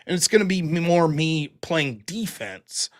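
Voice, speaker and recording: A man's voice: a little high, expressive, a little slow. A man hosting his own live stream, talking casually to his audience in a blunt, rambling way with some mild profanity. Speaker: livestream show host.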